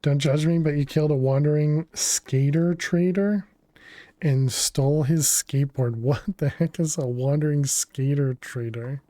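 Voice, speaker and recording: Slow, easygoing male game streamer. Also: a little high, no echo. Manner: chatty, thinks aloud and answers chat messages; laughs often, relaxed and unhurried. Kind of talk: casual gaming livestream commentary.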